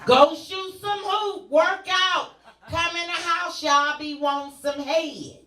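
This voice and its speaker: A woman's voice: extremely high pitch, fairly even intonation, takes it slowly, bright, forceful tone, echoey room, recorded from a distance, slight background noise. A woman performing a stand-up comedy set, telling brash, bawdy stories with punchy repetition. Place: comedy club stage.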